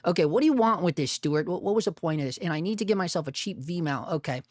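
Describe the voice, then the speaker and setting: A man's voice: fairly high pitch, lively intonation, fast talker, a little mellow, no room sound, studio quality. A man hosting a live stream in a casual, rambling way, often saying "dude" and "you know". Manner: rambling, laid-back, says "dude" and "you know" a lot. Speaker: livestream host.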